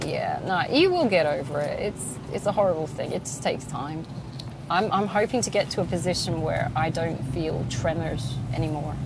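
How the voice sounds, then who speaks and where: A woman's voice: fairly low pitch, heavy background noise. A woman in her thirties, a podcast host chatting alone while driving, laughing often, swearing and poking fun at herself. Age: 30s. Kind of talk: casual solo chat while driving. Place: in a car.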